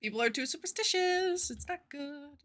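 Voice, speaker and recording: A woman streamer talks casually with her viewers, telling stories in an expressive, freely swearing way. Her voice is bright and clear and sits a little high for a woman. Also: normal speed. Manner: chatty, profane, expressive storytelling. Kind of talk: casual live-stream chat.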